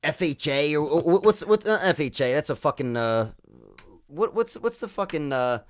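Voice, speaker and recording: With a fairly high, lively voice at a moderate pace, a young podcast co-host rambles through a story in relaxed conversation, swearing and using fillers throughout.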